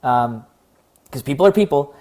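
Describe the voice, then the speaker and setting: A young man from Canada, talking through a personal story in a casual, rambling vlog, his voice slightly hoarse. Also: medium pitch, expressive, moderate pace, darkish tone. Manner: earnest, rambling, acts out quoted exchanges. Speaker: vlogger.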